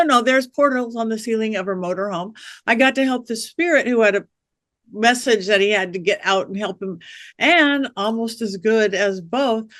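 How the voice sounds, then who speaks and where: A woman guest on an interview podcast, a witch and medium, telling lively stories and acting out the voices of people she quotes. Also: a little high, no echo, studio quality. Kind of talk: storytelling interview chat.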